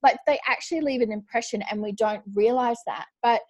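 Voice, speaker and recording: A woman's voice: a little high, a little mellow. Earnest chatty woman interviewer. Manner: earnest, talks in quick bursts with many fillers. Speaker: host. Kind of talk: casual interview chat.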